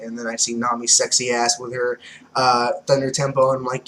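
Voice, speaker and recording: A young man giving casual, excitable manga commentary, swearing freely and laughing often. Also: mid-range voice, a little fast, a little hiss or hum, low-quality recording. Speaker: manga reviewer.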